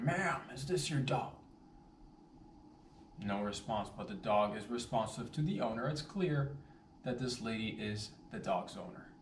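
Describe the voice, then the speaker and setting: A man telling a story in a casual vlog, rambling and animated, with playful catchphrases. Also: on the low side, a little hiss or hum. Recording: roomy echo, distant mic, faint ambience.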